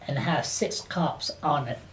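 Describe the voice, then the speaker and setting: A man's voice: fairly high pitch, a little slow, very noisy. A man interviewing a guest in a casual, blunt way, with sarcastic jokes he laughs at himself. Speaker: interviewer and activist.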